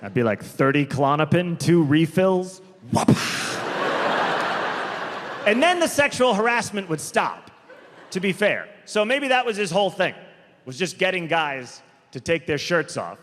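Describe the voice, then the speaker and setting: A man performing a stand-up comedy set on stage, telling stories deliberately and drawn out, with quick asides. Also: high-pitched, wildly swooping pitch, a bit bright. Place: large theater stage. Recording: live comedy hall with long reverb, faint crowd noise.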